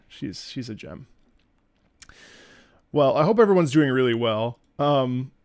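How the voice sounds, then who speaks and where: A man with a gravelly, creaky voice hosts a laid-back live stream from home. His pitch swings around a lot as he chats, and the sound is dry and close with no room echo. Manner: chatty and animated, laughs often, many fillers. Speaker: streamer hosting a music listening stream. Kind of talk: casual live-stream chat.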